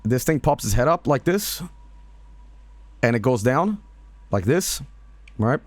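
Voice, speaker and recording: A man streaming and reacting to videos, chatty and loose. He rambles with fillers, laughs and swears through his commentary. His voice sits at a middling pitch, close and dry on the mic. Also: very animated, slow pace, dry recording. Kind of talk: casual live-stream commentary.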